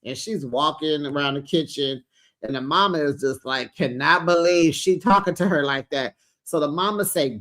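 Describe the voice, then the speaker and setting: A host chattily recaps a reality show in a medium-pitched, fairly bright voice. She tosses in quick teasing asides, laughs often, and acts out what people said.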